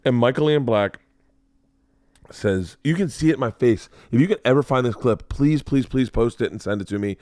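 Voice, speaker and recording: A man in his forties, a podcast host, telling a story in casual chat and acting out the quotes with lively energy. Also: mid-range voice, normal speed, no echo, studio quality. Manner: animated storyteller who acts out quotes.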